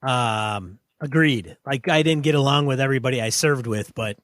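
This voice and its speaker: A man's voice: mid-range voice, moderate pace, a bit bright, dry recording, clean studio sound. A man co-hosting a gaming podcast, talking bluntly and plainly as he chats and reads listener mail aloud. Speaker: podcast co-host. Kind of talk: casual podcast chat and reading listener mail.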